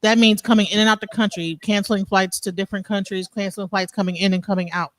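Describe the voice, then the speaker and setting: A man's voice: high-pitched, steady tone, quick pace, fairly bright tone, no room sound. Rambling man hosting a panel, dry sound. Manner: rambling, many restarts and fillers. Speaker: show host. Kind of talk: casual panel talk.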